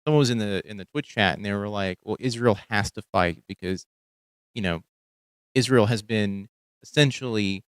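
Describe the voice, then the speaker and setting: A man's voice: lowish voice, fairly bright tone, no room sound. A young man from Texas with a light Texan accent, hosting a casual podcast and talking through news clips with many fillers and restarts. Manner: rambling, thinking aloud with many fillers. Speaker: podcast host.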